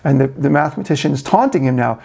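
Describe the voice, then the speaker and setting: A man's voice: medium pitch, lively intonation, fast, vocal fry, darkish tone, low-quality recording. A man casually telling a long joke to the camera in a rambling way, full of restarts and "you know". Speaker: video blogger.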